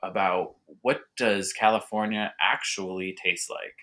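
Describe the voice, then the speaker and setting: Low-voiced and sharp in tone, this young adult North American man keeps fairly even intonation and a measured pace. As a winemaker guest in a casual interview, he's enthusiastic and rambling, filling his speech with fillers.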